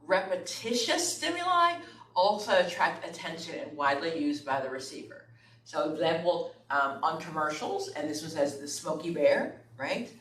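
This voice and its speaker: A woman's voice: sits low, fairly bright tone. Woman lecturing in an echoey room. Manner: conversational, checks in with "okay?" and "right?". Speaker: instructor. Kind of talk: classroom lecture. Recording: echoey room, far from the mic, faint room noise.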